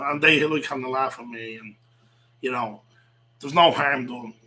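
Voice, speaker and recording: A man's voice: mid-range voice, a little slow, bright, forceful tone, poor audio. Rambling, swearing man. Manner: profane, rambling, many fillers and restarts. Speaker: vlogger. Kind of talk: rambling rant to camera.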